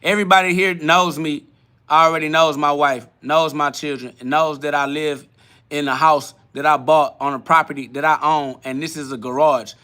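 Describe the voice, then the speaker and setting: A man with a fairly high, sharp and forceful voice runs a live podcast from his garage. He answers the chat brashly and confrontationally, swearing freely as he goes. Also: fairly even intonation, moderate pace. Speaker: livestream podcast host. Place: home garage.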